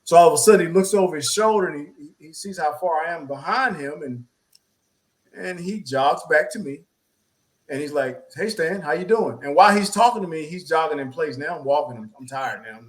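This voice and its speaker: A man's voice: on the high side, brisk, poor audio. A man with a somewhat raised, light voice tells a story in a loose, chatty way. He repeats himself as he goes and acts out what people said. He sounds like a co-host sharing experience with listeners. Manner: animated storyteller, repeats words, acts out quotes. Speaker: podcast co-host. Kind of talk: casual storytelling chat.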